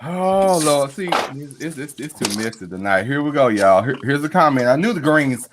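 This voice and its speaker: Animated podcast host, lively pitch. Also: male voice, brisk, hardly any pauses, very noisy. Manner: animated, swearing, laughs often. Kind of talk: casual group chat.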